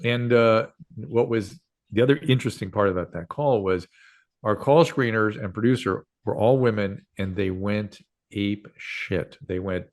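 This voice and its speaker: A man in his sixties with a fairly low voice, speaking as a guest on an interview show. He tells long stories in a loose, rambling way, full of fillers and restarts. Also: measured pace. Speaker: guest doctor and radio host. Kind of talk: casual interview storytelling.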